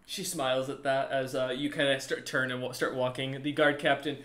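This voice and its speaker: Hesitant game master, echoey room. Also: male voice, mid-range voice, flat delivery, a little fast, a bit bright. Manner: loose, hesitant narration. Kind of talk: narrating a tabletop game.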